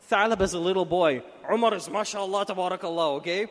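High-voiced preacher in a big echoing hall. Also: male voice, brisk. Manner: animated, questions the audience. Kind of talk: storytelling sermon. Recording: long reverb in a hall.

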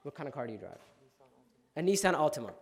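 High-voiced man giving an animated talk. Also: fast. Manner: animated storyteller, keeps asking "right?"; addresses listeners directly. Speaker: speaker at a religious talk. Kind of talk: lecture to a live audience.

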